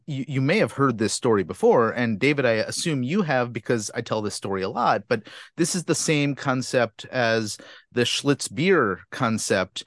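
A man's voice: mid-range voice, no echo, studio quality. A man hosting a marketing podcast, chatty and self-deprecating as he interviews a guest. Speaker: podcast host. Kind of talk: casual interview chat.

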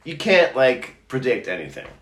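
A middle-aged man chatting casually as a co-host, telling stories in a rambling, animated way with many restarts. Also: medium pitch, moderate pace. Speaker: podcast co-host. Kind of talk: casual chat. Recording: roomy echo.

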